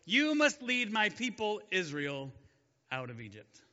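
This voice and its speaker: A man playing God as a steady, commanding voice that gives direct orders. The voice is fairly high and very bright, with a long hall echo. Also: measured pace, lo-fi sound, heavily acted. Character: God, male, calm and commanding.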